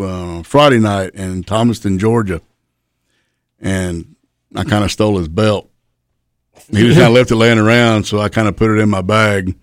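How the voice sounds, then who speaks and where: A man's voice: lowish voice, clear, resonant tone, dry recording, studio quality. A middle-aged man, a former wrestler, telling rambling, profane backstage stories in casual chat. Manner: laid-back, profane, rambling anecdotes. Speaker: guest, retired pro wrestler. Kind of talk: casual storytelling.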